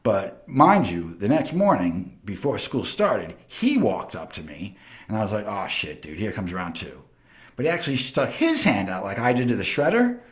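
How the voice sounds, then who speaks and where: A man's voice: lowish voice, normal speed. Profane, boastful New York man. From Long Island, New York. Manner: animated, boastful, heavily profane. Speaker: host. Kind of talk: casual storytelling.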